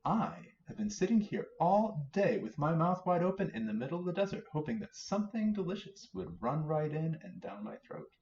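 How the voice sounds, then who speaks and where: A man's voice: a little high, big pitch swings, normal speed, few pauses, a little mellow, slight background noise, voice pushed up. A man doing a smug gloating coyote. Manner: teasing, gloating. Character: sly, smug male desert coyote. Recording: roomy, slightly dull sound.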